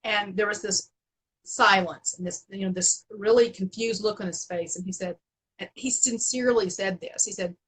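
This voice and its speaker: A middle-aged woman telling stories as an interview guest, animated and laughing often, with many restarts. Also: medium pitch, moderate pace, breathy edge, rough recording. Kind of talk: casual storytelling in an interview.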